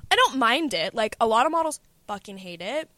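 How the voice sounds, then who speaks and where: A woman's voice: a little high, very animated, fairly quick, bright, forceful tone, no echo. A young woman with a Canadian accent chatting casually as a guest, laughing often and swearing freely. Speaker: guest model. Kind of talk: casual chat.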